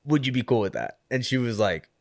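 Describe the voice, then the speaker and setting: A man's voice: medium pitch, a little fast, no room sound, clean studio sound. A man, a guest on a podcast, telling a story in a casual chat, leaning on "like" and acting out what people said. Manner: animated storyteller, heavy use of "like", acts out quotes. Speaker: podcast guest, community co-founder.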